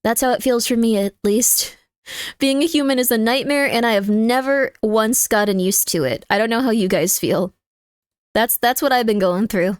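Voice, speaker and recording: Young woman streamer, relaxed and jokey, thanks her chat a lot; higher voice, close and dry. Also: moderate pace, clean tone, dry recording. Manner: chatty and jokey, thanks viewers by name. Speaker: livestreamer. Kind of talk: casual live-stream chat.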